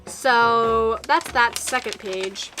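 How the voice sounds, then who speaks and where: A young woman telling a storytime vlog at home and reading her old letters aloud in a chatty, lively way. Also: on the high side, very slow, soft background music. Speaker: vlogger.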